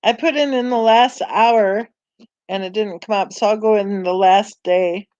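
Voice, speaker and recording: A woman's voice: medium pitch, steady tone, a little slow, darkish tone, dry recording, dull audio. A woman hosting a casual live-stream chat on a true crime channel, rambling and thinking aloud as she browses, sighing and sounding tired.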